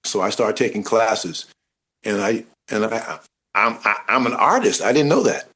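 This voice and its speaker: A man in a casual interview, telling stories in an animated, informal way and acting out the voices of people he met. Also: lowish voice, moderate pace. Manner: informal speech with dropped grammar. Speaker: interview guest, former football player turned actor. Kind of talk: casual anecdotal storytelling.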